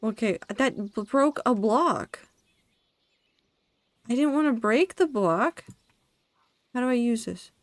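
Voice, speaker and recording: A woman streaming herself building in a game, thinking aloud, talking to herself and her chat, quickly excited and dramatic. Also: a little high, no room sound. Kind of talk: casual live-stream commentary while building in a game.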